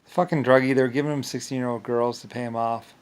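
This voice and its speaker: A man rants on camera in a long, rambling monologue. His delivery is agitated and profane, and he keeps tripping over repeated restarts. His voice sits at an ordinary middle pitch for a man. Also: fairly even intonation, fast, clear, resonant tone.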